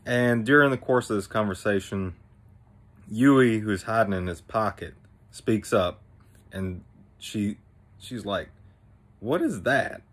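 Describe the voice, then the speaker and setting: A man's voice: on the low side, a little slow, long pauses. A young man casually recapping an anime episode, rambling with many fillers and restarts.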